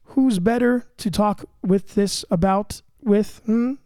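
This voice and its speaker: A man's voice: high voice, slow pace, warm tone, smooth, no echo, clean studio sound. A man hosting a casual comedy podcast, bragging in a mock-grandiose, self-mocking way. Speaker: podcast host.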